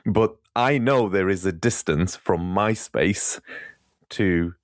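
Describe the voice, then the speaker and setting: A man's voice: low-pitched, slow, no room sound, clean studio sound. A man hosting a podcast interview, reacting with short enthusiastic remarks and questions. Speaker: podcast host. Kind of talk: casual interview.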